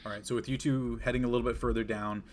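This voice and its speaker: A man narrating a tabletop game as game master, in a relaxed, descriptive way with fillers. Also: medium pitch, fast talker, a little hiss or hum.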